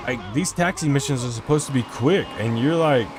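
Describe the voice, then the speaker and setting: A man's voice: mid-range voice, lively intonation, a little fast, hardly any pauses, noisy background. A man giving casual gameplay commentary on a stream, rambling and swearing in frustration, talking into a desk microphone. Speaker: gaming streamer.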